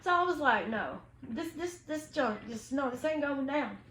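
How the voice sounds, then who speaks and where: A young woman, telling a story to her viewers in an animated, slangy way, acting out what people said. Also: sits high, moderate pace, echoey room, slight background noise, low-quality recording. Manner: animated, slangy, quotes people in lively voices. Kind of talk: casual storytime chat.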